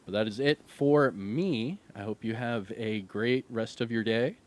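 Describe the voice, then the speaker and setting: A man's voice: mid-range voice, measured pace. A middle-aged man streaming live, chatting casually and reading viewer questions, laid-back and rambling with lots of fillers.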